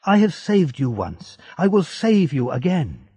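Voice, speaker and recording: A man's voice: a little high, big pitch swings, unhurried, mellow, husky, no room sound, voice pushed up, full character voice. A man reading as an urgent young prisoner. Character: young male prisoner, loyal and desperate. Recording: dull lo-fi dry recording.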